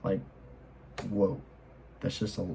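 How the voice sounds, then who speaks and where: A man's voice: low voice, monotone, slow, creaky, mellow, slightly rough, low-quality recording. A young man explaining a Bible chapter in a casual, earnest way, rambling with lots of fillers as he reads and comments. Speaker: Bible study host.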